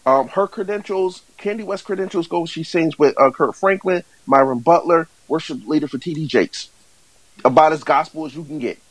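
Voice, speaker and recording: A man being interviewed about the artists he manages, stumbling through restarts before warming into an eager sales pitch. His voice is a little high for a man. The sound is dry and close to the mic. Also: dry recording, low-quality recording. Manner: halting, many fillers and restarts, then builds to enthusiastic pitching. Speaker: music management company owner, guest. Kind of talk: casual interview answers.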